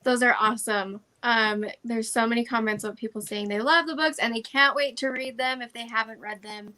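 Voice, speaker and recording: Upbeat woman host, fairly high bright voice, cheers the guests on. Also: fairly even intonation, brisk. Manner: upbeat, affirming. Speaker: interview host. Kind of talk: casual moderated chat.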